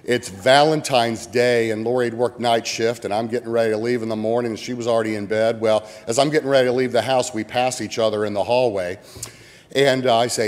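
A Midwestern pastor tells folksy, joking stories from the pulpit. His voice sits at an ordinary middle pitch. Long reverb trails behind him as it rings through a church sanctuary. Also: normal speed. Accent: Midwestern American. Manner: folksy storytelling with jokes. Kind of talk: sermon.

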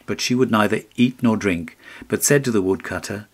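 A man narrating a classic fairy tale as an audiobook, in a measured storytelling way. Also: fairly low pitch.

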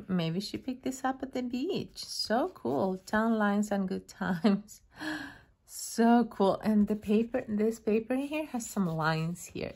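A woman hosts her craft channel in a casual unboxing vlog. She talks at an unhurried, slow pace, lingering over each item. Her pitch sits mid-range, and she keeps softly gushing with admiration. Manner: gushing, admiring, soft-spoken with frequent fillers.

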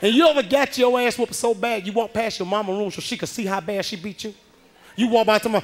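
Male stand-up comic, high voice, loud animated storytelling, club stage mic. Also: fast. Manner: loud animated storytelling, acting out the people he quotes. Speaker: stand-up comedian. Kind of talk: stand-up comedy routine.

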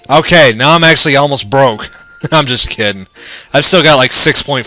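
A man's voice: mid-range voice, pushed and bright. A man giving casual, rambling, profane commentary while playing through a video game. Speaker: let's play gamer.

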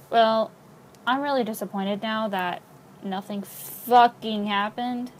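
A woman's voice: fairly high pitch, fairly even intonation, slow, slight background noise, poor audio. Blunt, casual woman streamer. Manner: loose and blunt, swears casually. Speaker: let's play streamer. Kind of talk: casual gameplay commentary, reading game dialogue aloud.

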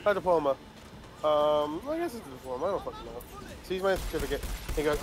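A man's voice: fairly high pitch, quick pace. A young man telling a long story to friends in casual chat, with lots of restarts. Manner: rambling, animated storytelling with restarts.

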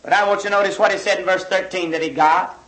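An American man preaches with fervent urgency, driving home his point through pleading, repeated questions. His voice sits very high and rings bright and forceful. The sound comes from an old vinyl record with a roomy echo around him. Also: fairly even intonation, fast talker. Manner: impassioned, pleading rhetorical questions with repetition. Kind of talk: revival sermon.

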